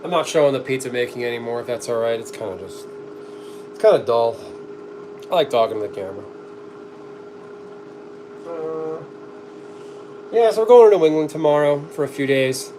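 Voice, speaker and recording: A middle-aged man cooks on camera during a livestream, casually chatting and reading out comments in a dry, joking way, coughing often. His mid-range voice is animated at normal speed with long pauses, and background noise is clearly audible behind it.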